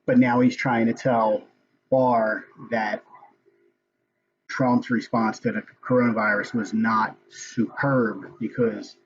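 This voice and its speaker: A man's voice: on the low side, background noise. Angry profane man, dull lo-fi sound. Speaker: political commentator. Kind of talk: casual recorded commentary.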